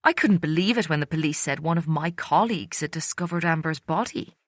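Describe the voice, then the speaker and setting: A woman reading an audiobook, voicing a gentle middle-aged female social worker with a soft Irish accent. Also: low-pitched, brisk, no room sound, clean studio sound. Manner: gentle, soft-spoken, reflective. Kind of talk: audiobook character voice.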